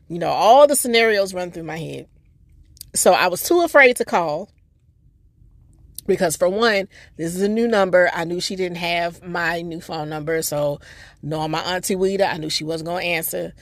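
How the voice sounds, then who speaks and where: A woman hosting a podcast, telling a personal story in an emotional, expressive way with laughter. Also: lowish voice, measured pace, creaky, no room sound. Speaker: podcast host.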